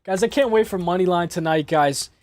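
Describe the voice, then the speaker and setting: A man hosting a casual livestream, rambling and cursing as he makes fight picks, his voice hoarse and worn out. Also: sits high, brisk, darkish tone, dry recording. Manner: rambling, repeats himself, curses freely. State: lost his voice. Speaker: livestream host.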